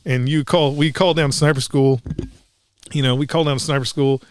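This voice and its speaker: A man's voice: mid-range voice, fairly even intonation, fairly quick, dry recording, clean studio sound. A man, a former Marine, telling rambling military anecdotes on a podcast with many restarts and acted-out quotes. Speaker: podcast co-host. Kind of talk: casual storytelling chat.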